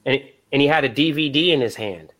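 A man from New Hampshire, USA, who serves as a band's point of contact, guests on a podcast and tells rambling, profane stories in casual chat, acting out what people said. His voice is medium-pitched, fairly quick, and fairly bright.

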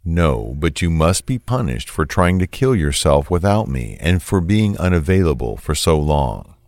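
A man reading the lines of a cold, controlling, menacing man in a flat, commanding way, in a true crime story. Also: rumbling low, moderate pace, no room sound, clean studio sound, heavily acted.

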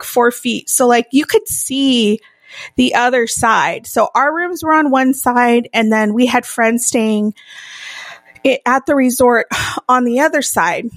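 A woman's voice: a little high, no room sound, studio quality. A young adult woman co-hosting a podcast, telling a wild story in casual chat, swearing freely and laughing often. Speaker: podcast co-host.

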